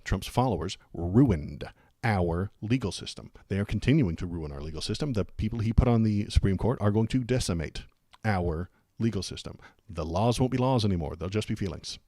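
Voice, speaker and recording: A man's voice: lowish voice, animated, moderate pace, dark tone, no echo, studio quality. A man hosting a live political stream, reacting in casual, rambling commentary that turns sarcastic and slips into muttered curses.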